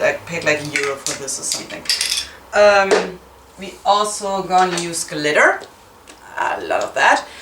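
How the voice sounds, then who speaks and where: Rambling self-mocking woman in a roomy space. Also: fairly low pitch. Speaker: craft tutorial host. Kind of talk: casual crafting tutorial. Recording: roomy, distant, noisy home recording.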